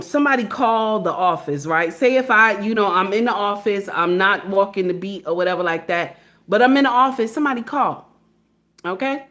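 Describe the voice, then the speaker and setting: A woman speaking in a casual monologue, blunt and animated, acting out phone calls and driving points home with repeated "okay?". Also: on the high side. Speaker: social media commentator.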